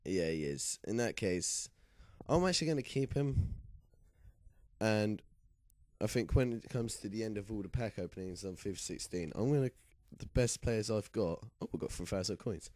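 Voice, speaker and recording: Young man, gaming host, casual commentary, slight cough, dark warm tone, low voice. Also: moderate pace, no echo, studio quality. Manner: chatty, excitable when reacting. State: lingering cough.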